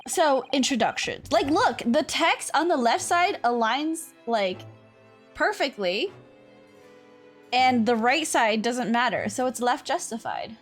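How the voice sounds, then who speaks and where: Woman gaming streamer with a very high, animated voice. Talks slowly, jokes and laughs, digs in when arguing with chat. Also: faint music behind. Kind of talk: live gameplay stream chat.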